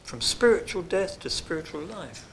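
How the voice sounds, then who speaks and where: Man preaching, hushed then emphatic. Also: a little high, sing-song, normal speed, slight background noise. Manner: earnest, swings between soft hushed phrases and loud emphatic ones. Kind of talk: sermon.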